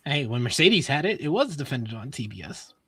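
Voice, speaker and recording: Bright-voiced man recapping wrestling. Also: medium pitch, very animated, husky, dry recording. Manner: quick recapping, frequent laughter. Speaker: wrestling review co-host. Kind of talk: casual chat and show recap.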